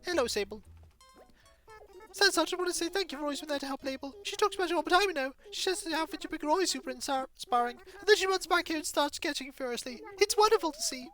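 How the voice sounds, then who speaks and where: A man voicing a cheerful young female hedgehog shopkeeper in a video game, reading her lines in a gushing, rapid sing-song. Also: very high-pitched, animated, fairly bright tone, faint music behind, pitched above the performer's own voice. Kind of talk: reading game dialogue aloud in character.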